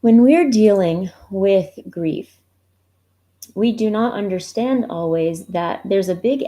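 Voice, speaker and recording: A woman coach speaking on a live stream, gently walking viewers through her resources and talking about grief in a reassuring way that asks them questions. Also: lowish voice. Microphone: computer mic, browser livestream.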